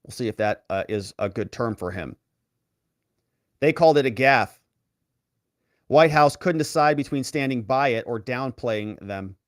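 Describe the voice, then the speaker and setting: A man's voice: unhurried, pauses often, no room sound, clean studio sound. A man who is an attorney giving casual, sarcastic political commentary and reading articles aloud. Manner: animated and sarcastic, with wide swings in pitch.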